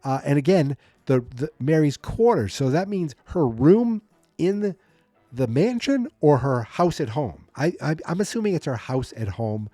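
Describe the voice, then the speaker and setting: A man's voice: fairly high pitch, lively intonation, unhurried, warm tone, no room sound, faint music behind. A man hosting a podcast, casually recapping a sitcom episode in a rambling, self-correcting way and acting out the characters' lines as he goes. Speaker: podcast host.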